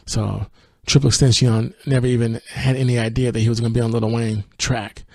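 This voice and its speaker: Gravelly-voiced man reviewing music. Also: medium pitch, a little fast, dry recording. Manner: relaxed, thinking aloud with fillers and restarts. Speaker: podcast host. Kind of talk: music review podcast, reading lyrics aloud.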